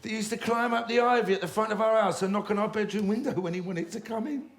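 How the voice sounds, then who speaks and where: A man, telling comic stories about his own life in a wry, swearing, animated manner. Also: sits high, quick pace. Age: 50s. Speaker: storyteller. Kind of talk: comic autobiographical storytelling.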